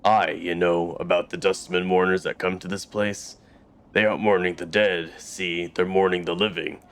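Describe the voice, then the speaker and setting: Male actor voicing a gruff, folksy local in a computer game, deep monotone, smooth clear tone. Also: moderate pace. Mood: weary folksy. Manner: folksy, drawling dialect. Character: gruff plain-spoken male city local.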